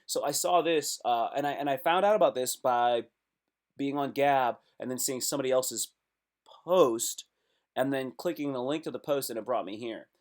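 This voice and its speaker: A man's voice: medium pitch, moderate pace. A man hosting a casual live stream, reacting aloud to web posts in a loose, slangy way.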